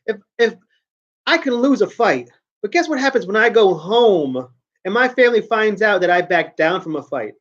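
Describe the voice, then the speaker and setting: A man's voice: high-pitched, big pitch swings, normal speed, a bit bright. Brash, blunt man ranting on lo-fi audio. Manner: brash, blunt and combative, with swearing. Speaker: show host. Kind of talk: ranting commentary.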